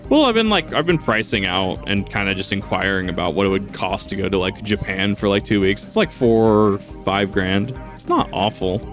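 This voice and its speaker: Man, let's-play host, rambling and jokey, laughs a lot, slightly low voice. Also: lively intonation, normal speed, few pauses, a bit bright, soft background music. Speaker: gaming channel host. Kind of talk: casual let's-play commentary.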